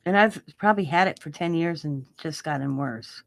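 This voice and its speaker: Woman craft host, rambling chatty talk, lower voice, dry close sound. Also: moderate pace, vocal fry, no echo. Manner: rambling, chatty storytelling with laughs. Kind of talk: casual live-stream chat while crafting.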